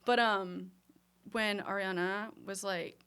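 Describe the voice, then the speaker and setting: A woman's voice: medium pitch, fairly even intonation, takes it slowly, a bit bright, smooth. A young woman talking as a guest on a podcast. She is chatty and self-deprecating, and she fills her sentences with "like" as she tells her stories. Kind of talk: casual chat.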